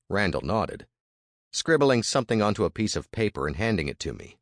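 A man narrating a frontier story in the first person, measured and expressive. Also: on the low side, no echo, studio quality.

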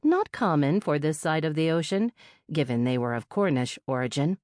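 Low-voiced woman narrating wryly. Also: very animated, moderate pace, a little mellow, dry recording, studio quality. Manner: wry, sardonic first-person delivery. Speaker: audiobook narrator. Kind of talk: first-person fiction narration.

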